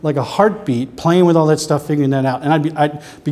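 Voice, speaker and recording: A man with a Southern US accent talks to a room of customers in a loose, chatty way, throwing in quick asides. His voice sits a little higher than most men's. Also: a little mellow. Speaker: presenter. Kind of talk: conference talk.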